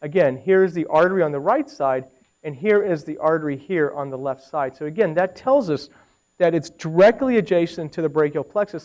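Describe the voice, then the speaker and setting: A man's voice: fairly high pitch, darkish tone, low-quality recording. A middle-aged man giving a radiology lecture, conversational and walking through the images, with anecdotes and questions to the audience. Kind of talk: medical lecture.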